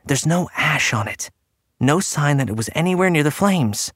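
A determined young woman speaks with firm resolve and an earnest edge, as a male narrator puts her on, his voice lifted above its usual low register. The delivery is close and dry, with no room around it. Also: animated, normal speed, a bit bright, husky, no room sound. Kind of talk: audiobook character reading.

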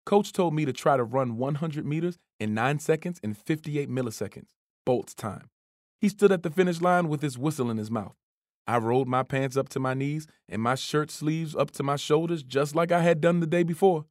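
A narrator reading a first-person story in a lively, expressive way. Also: mid-range voice, moderate pace, dry recording, clean studio sound.

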